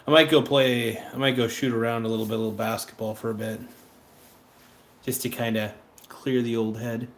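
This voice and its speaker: A man hosts a casual livestream, rambling and joking with viewers between offhand remarks and breaking into improvised sung rhymes. His mid-range voice is flat in delivery at normal speed, recorded in an echoey room with faint ambient noise.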